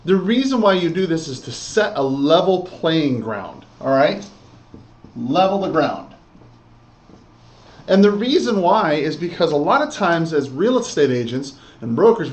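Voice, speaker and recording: A man's voice: on the high side, expressive, moderate pace. A man giving an emphatic sales training lesson, often checking in with "okay?" and "all right?". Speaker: real estate sales trainer. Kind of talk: instructional talk. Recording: dull lo-fi recording.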